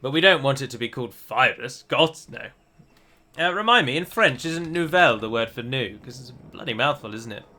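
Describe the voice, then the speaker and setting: A bright, forward-sounding man talking through a strategy game as he plays. He is chatty and thinks out loud, often poking fun at himself. His voice sits at a middle pitch for a man. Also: lively intonation, brisk. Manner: chatty, self-deprecating, thinks aloud. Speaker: game streamer. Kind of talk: let's play commentary.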